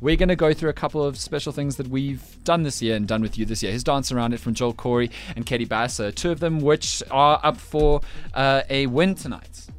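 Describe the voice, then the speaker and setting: A man's voice: mid-range voice, fairly even intonation, fairly quick, smooth. A man from South Africa hosting a breakfast radio show, chatty and teasing in his links.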